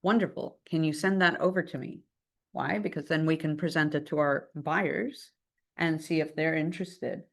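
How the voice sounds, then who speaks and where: A woman with a fairly low voice teaches a live class in a relaxed, chatty way. She acts out quick phone calls as she goes, and she sounds lively and conversational throughout. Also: vocal fry. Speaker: real estate trainer.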